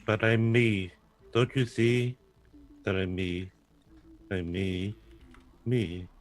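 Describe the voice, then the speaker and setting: A man as a soft-spoken literal android. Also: on the low side, fairly even intonation, slow pace. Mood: earnest. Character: earnest android crewman, insists he is a person. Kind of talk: tabletop role-play.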